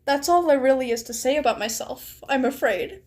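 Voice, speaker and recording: A woman's voice: high-pitched, lively intonation, a little fast, darkish tone. A woman reading the lines of a modest, self-effacing male doctor in a game. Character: modest, soft-spoken man, head of psychology.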